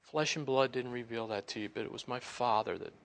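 A man's voice: mid-range voice, a little fast. A man preaching a sermon, telling a Bible story with acted-out quotes and frequent laughter. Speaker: pastor.

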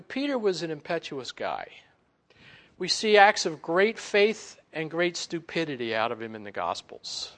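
Male preacher, storytelling sermon delivery, gravelly, slightly high pitch. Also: a bit bright. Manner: storytelling, acts out quotes, laughs often. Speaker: pastor.

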